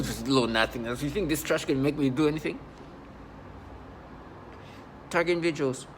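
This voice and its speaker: A channel host with a fairly high-pitched voice talks to camera in an agitated, rambling monologue, repeatedly restarting and repeating himself. There's a little hiss or hum in the audio.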